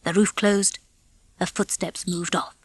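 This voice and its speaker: A woman reading a children's storybook aloud as narrator, in a lively, expressive way on a close mic. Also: fairly low pitch, a little slow, slightly rough, dry recording. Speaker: audiobook reader. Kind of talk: scripted narration.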